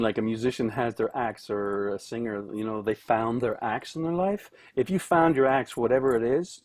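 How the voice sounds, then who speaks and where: A man's voice: mid-range voice, darkish tone. A middle-aged man from Canada, a guest cellist, chatting casually over a video call, rambling with many restarts and fillers.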